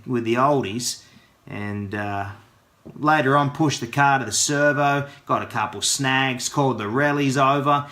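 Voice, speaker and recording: Australian man, vlogger, slang-heavy yarn, bright forward tone. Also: mid-range voice. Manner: playful, packed with Aussie slang. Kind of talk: casual comedic storytelling.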